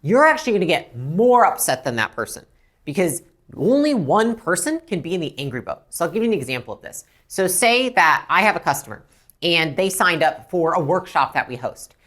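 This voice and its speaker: A woman teaching a business training lesson as a coach, blunt and animated, swearing freely. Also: on the low side, brisk.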